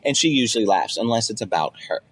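Young guy on a podcast, swears constantly, cracks himself up, voice goes squeaky when he does impressions. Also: expressive, fast, husky. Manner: profane, jokey storytelling with loud high-pitched bits when he acts out others. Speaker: podcast co-host. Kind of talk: casual podcast chat.

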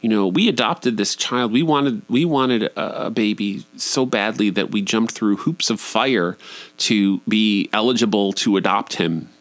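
Candid low-voiced man in his forties. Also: unhurried, a bit bright, no room sound. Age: 40s. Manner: candid, profane, self-deprecating. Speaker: storyteller. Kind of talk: personal monologue.

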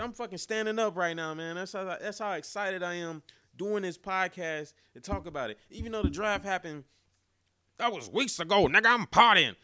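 A young man hosting his own sports podcast, talking casually and excitedly, cursing often and tossing in "man" and "yo" again and again. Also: a little high, clear, resonant tone, dry recording. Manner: excitable, animated, swears freely, repeats "man" and "yo". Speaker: podcast host.

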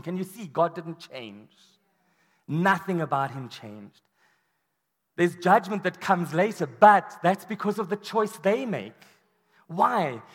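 A man preaching a sermon to a room, telling the story with animated, acted-out quotes. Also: high-pitched. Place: large hall or church. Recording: long hall reverb.

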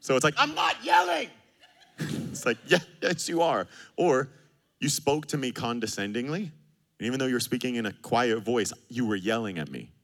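A man in his thirties preaching a sermon, animated and joking, acting out quoted arguments. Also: mid-range voice, normal speed. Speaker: pastor.

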